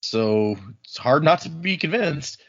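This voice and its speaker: A man's voice: a little high, unhurried. A man recapping book chapters in casual podcast chat, acting out the characters' lines as he goes. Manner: animated retelling, acts out characters' lines. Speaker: podcast host retelling the chapters. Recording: slightly muffled lo-fi audio.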